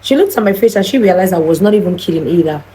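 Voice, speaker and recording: A young woman speaks in a lowish, warm voice. She recounts a personal story straight to her viewers, earnest and heated. She stumbles into restarts, and a faint hiss sits behind her. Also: lively intonation, fast talker, rough recording. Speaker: vlogger. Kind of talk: emotional storytime vlog.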